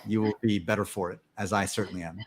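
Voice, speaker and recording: A man's voice: fairly low pitch, steady tone, fast, a little hiss or hum. A man hosts a casual podcast conversation over a video call. He sounds enthusiastic and thanks his guest effusively. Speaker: podcast host. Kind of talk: casual chat.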